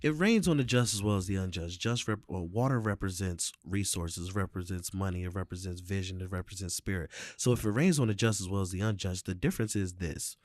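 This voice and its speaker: A man hosting a casual conversation, talking with an animated, preacher-like cadence. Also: low voice, a little fast, few pauses, no room sound. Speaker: host.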